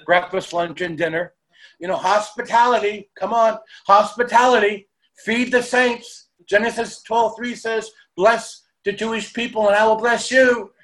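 A man with a high voice preaches a fervent sermon to his congregation. He punctuates his points with repeated calls of praise and slips in joking asides. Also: fairly even intonation, a little slow, a bit bright. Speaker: pastor.

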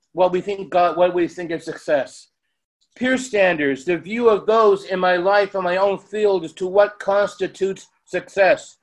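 A man preaching a sermon to his congregation, fervent, with repeated calls of praise and joking asides. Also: high voice. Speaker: pastor.

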